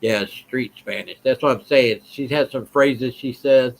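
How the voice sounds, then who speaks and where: A man's voice: mid-range voice, measured pace, creaky, rough recording. A man hosting a political live stream, talking bluntly, repeating himself and answering viewers' comments. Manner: blunt, repetitive, reads and answers chat.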